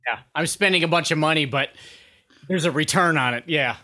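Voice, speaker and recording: Bright-voiced man interviewing. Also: fairly high pitch, a little fast. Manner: relaxed, chiming in with short agreements. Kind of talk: casual interview.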